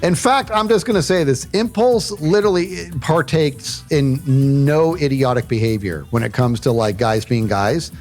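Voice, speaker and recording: A man telling a story on a livestream in a casual, animated way, often saying "dude" and acting out what people said. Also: on the high side, normal speed, hardly any pauses, soft background music. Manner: animated, says "dude" and "bro" often, acts out quotes.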